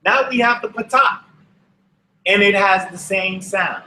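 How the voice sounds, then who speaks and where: A man leads a class at a very unhurried pace and repeats words so students can echo them. His voice is bright and a little high. The sound carries the echo of a room. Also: a little hiss or hum. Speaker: Hebrew teacher. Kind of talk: slow classroom instruction.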